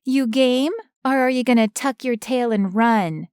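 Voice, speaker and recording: A woman's voice: a little high, measured pace, darkish tone, clear, resonant tone, no echo, clean studio sound, voice pushed up, lightly acted. A woman doing a smug, teasing little girl. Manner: teasing, bouncy kid voice. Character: cheeky nine-year-old girl, smug and playful.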